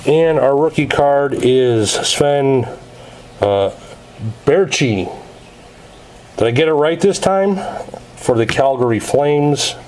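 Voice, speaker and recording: A man of middling pitch talks slowly and steadily as he opens card packs for viewers. He reads out each card's details in a methodical, matter-of-fact way. Faint background noise and card clicks sit under his voice. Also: expressive, a little mellow, rough recording. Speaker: card break host. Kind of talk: casual narration of opening card packs.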